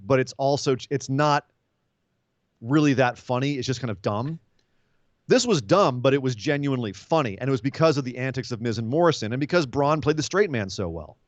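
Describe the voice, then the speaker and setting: Podcast co-host, man, lively swinging pitch, dry slightly muffled home recording. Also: no room sound. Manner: animated, acts out wrestlers in funny voices. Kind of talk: casual wrestling podcast chat.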